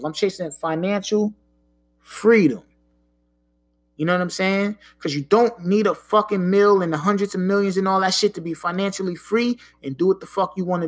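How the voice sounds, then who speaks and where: High-voiced man talking frank street talk. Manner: frank, profane street talk with frequent "you know what I'm saying". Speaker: podcast host. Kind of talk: casual solo talk.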